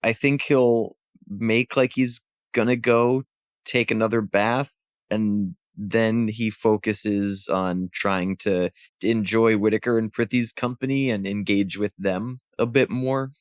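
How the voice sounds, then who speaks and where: A player in a tabletop game, describing actions and bantering with animated jokes. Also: medium pitch, slow pace, no echo, studio quality.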